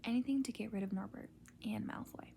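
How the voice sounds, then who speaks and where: A woman reading a storybook aloud in a soft, unvoiced ASMR whisper. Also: medium pitch, a little fast, creaky, a little hiss or hum.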